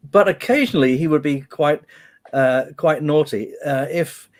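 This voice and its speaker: A fairly high-voiced man chatting over a video call, spinning long stories about playing music. He restarts his sentences often and slips into quoting other people as he goes. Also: very animated, slow pace, fairly bright tone. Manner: chatty storyteller, many restarts, quotes others. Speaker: guest musician. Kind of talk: casual reminiscing chat.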